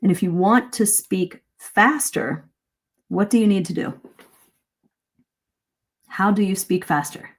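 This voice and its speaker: A woman teaching English speaking in a live online lesson, lively and demonstrative, asking her listeners questions. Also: mid-range voice, slow, long pauses, slightly rough.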